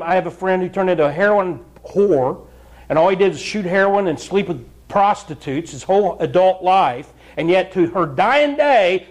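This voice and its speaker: A man preaching a fiery, blunt sermon in church, scolding the congregation. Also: high-pitched. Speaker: pastor.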